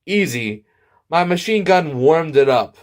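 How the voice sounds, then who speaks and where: A man doing a blustering door-hating gentleman. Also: a little high, animated, a little slow. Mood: boastful. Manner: blustering, boastful. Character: pompous angry man who hates doors.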